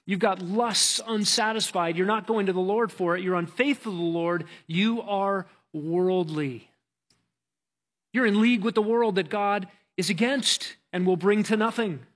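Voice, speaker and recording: A man delivers a sermon in a high, light voice. He preaches earnestly and with emphasis, stumbling and restarting his phrases as he presses his point. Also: measured pace. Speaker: pastor.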